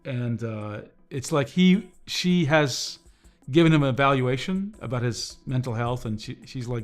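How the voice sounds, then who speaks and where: A man's voice: mid-range voice, animated, moderate pace, faint music behind. Chatty man rambling on a stream. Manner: rambling, chatty, with frequent fillers and restarts. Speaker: livestream host reviewing drawing tablets. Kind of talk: casual livestream chat with viewers.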